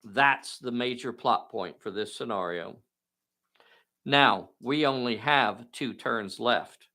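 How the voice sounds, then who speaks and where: A man's voice: mid-range voice, creaky, pushed and bright. A man hosting and narrating a live tabletop game in a folksy, enthusiastic way, talking to viewers. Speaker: game master and host.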